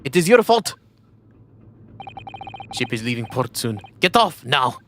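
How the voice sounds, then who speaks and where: A man's voice: medium pitch, big pitch swings, unhurried, a bit bright, slight background noise. A man voicing a blustering, suspicious male sailor with a put-on Russian accent and broken English. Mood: indignant. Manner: broken English, blunt and defensive.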